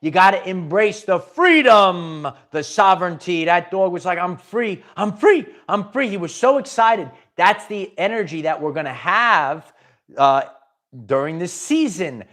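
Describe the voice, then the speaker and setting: A man's voice: high voice, expressive, a little slow, a bit bright. A man hosting a live spiritual pep talk, speaking emphatically, repeating phrases and restarting his sentences often. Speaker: spiritual channel host.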